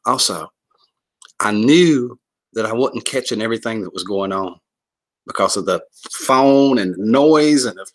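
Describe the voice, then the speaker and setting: A man's voice: on the low side, expressive, unhurried. Jokey, rambling man on a livestream. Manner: jokey, laughs often, rambling. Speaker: livestream host. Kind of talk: casual livestream chat reading comments.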